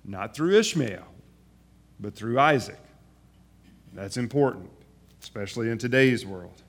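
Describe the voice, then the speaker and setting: A man preaching a sermon, reading scripture aloud and dropping to quiet, earnest asides to explain it. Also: medium pitch, animated, a little slow. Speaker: pastor.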